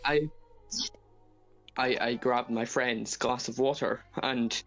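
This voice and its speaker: Scottish man, mid-pitched, halting and stammering, mock confession on a voice call. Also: fairly even intonation, fairly bright tone, soft background music. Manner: hesitant, stammering. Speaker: caller confessing.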